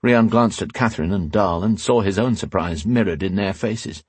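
Low, husky male fantasy narrator. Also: a little mellow, no room sound. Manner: measured, dramatic storytelling. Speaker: audiobook narrator.

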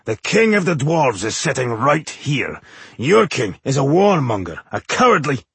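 A man's voice: fairly high pitch, lively intonation, measured pace, creaky, a bit bright, slightly rough, no echo, pitched above the performer's own voice, heavily acted. Man doing Boindil, a brash hot-tempered dwarf warrior. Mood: angry.

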